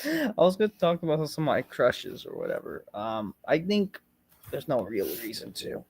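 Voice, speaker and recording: A man hosting a podcast in casual chat, rambling and halting with many fillers. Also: on the high side, sing-song, a little mellow, husky. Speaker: podcast host.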